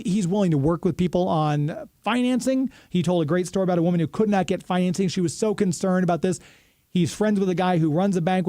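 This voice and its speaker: A man's voice: high voice, mellow, no room sound, studio quality. Chatty man hosting radio. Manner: chatty, rambling, with fillers. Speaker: radio show host. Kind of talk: casual radio chat with a sponsor read.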